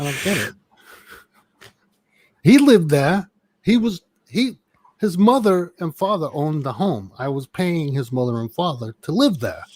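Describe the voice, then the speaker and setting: A man's voice: fairly high pitch, a little mellow, no echo. A middle-aged man casually telling a long, rambling story with plenty of swearing. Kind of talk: casual chat.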